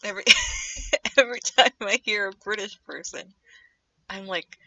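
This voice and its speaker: A young woman livestreaming while she animates, chatting casually in a rambling way and drifting into low muttering to herself as she draws. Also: unhurried, sharp tone, no echo, distant mic. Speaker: streamer animating live. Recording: dull lo-fi mic set back from the speaker.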